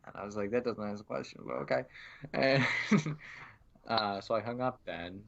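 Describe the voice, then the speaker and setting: Male podcast co-host, lower voice, casual storyteller, muffled lo-fi sound. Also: normal speed, vocal fry, a little hiss or hum. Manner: storytelling, acts out phone calls. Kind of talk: casual chat.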